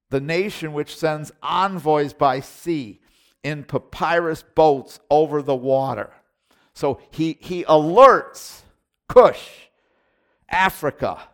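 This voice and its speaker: A man preaching an expository sermon, with halting restarts and sudden emphatic bursts between quieter explanations. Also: on the high side, clear, resonant tone. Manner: halting restarts, repeated words. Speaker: pastor.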